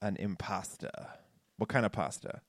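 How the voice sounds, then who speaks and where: Player, male, jokey, voice swings a lot in pitch, dry sound. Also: animated, dry recording. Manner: playful and jokey, quick to laugh. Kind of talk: tabletop game play.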